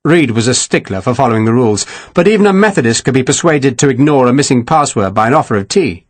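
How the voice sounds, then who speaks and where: Male audiobook narrator, measured, animated intonation, dry close sound. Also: medium pitch, no room sound. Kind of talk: scripted narration.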